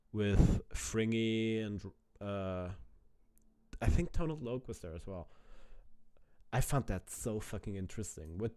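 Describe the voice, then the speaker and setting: A man's voice: fairly low pitch, darkish tone. Casual, swearing man reacting to a clip. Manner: chatty, swears freely, talks to chat. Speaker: streamer reacting to a video.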